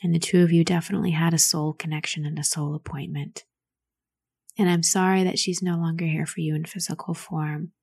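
Gravelly woman coaching gently. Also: deep voice, dry recording. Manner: soft, soothing, slow and nurturing. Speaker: host giving advice to a caller.

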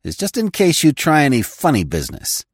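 A man's voice: a little high, wildly swooping pitch, brisk, breathy edge, no echo, clean studio sound, voice pushed up, full character voice. A man voicing a surly male crook who speaks curtly and bluntly. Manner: curt, blunt, snappish.

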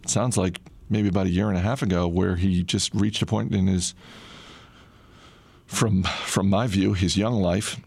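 Deep gravelly man telling a story. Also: unhurried, no room sound. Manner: relaxed, conversational, frequent "uh" fillers. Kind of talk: casual personal storytelling.

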